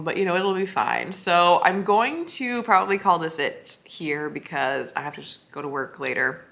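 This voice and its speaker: A young woman talking straight to her camera in a loose, rambling way, full of "like" and small laughs. Her voice is bright and a touch low-pitched, and she keeps a relaxed everyday chatter going. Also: moderate pace, creaky, few pauses. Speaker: vlogger. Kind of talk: casual talk to camera.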